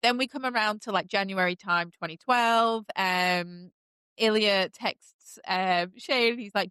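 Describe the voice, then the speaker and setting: A woman's voice: mid-range voice, measured pace, pushed and bright, clear, resonant tone, dry recording. A woman hosting a podcast, recapping a TV show in casual, enthusiastic chat with lots of fillers. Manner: chatty and enthusiastic, many fillers. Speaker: podcast host.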